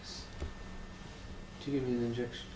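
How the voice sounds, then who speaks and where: A woman's voice: a bass voice, flat delivery. A woman lying in bed as a patient, teasing and giggling in playful banter at home. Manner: teasing, giggly, slow and drawn out. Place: bedroom at home. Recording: echoey room with loud background noise.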